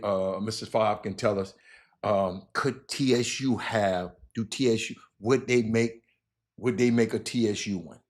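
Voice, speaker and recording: A man hosts his show in relaxed, chatty fashion, talking straight to viewers. He laughs easily and stumbles over repeated words as he hypes up clothes. His voice sits a little on the low side. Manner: loose, laughing, repeats words while hyping merchandise. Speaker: show host. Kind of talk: casual chat with viewers.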